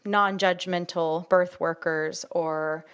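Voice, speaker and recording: A woman hosting a podcast, speaking earnestly and warmly affirming, with many "you know" fillers. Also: lowish voice, fairly even intonation, slow, clear, resonant tone. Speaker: podcast host. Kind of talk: casual conversation.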